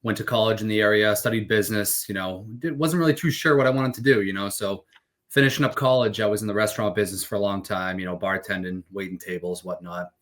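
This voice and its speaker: A man's voice: lowish voice, quick pace. Laid-back young man. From Boston area, USA. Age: young adult. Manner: relaxed, laid-back, many fillers. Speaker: podcast guest, insurance agent. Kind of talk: casual interview talk.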